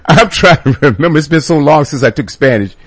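A man in casual chat, halting and chuckling as he tries to remember. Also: on the high side, big pitch swings, breathy edge, no echo. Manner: halting, laughing while trying to remember.

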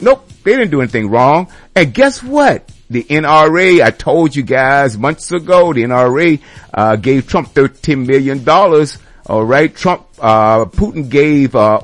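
Husky man ranting on the radio. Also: fairly high pitch, no echo. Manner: indignant, exclamatory, sarcastic. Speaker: radio show host. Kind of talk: ranting commentary.

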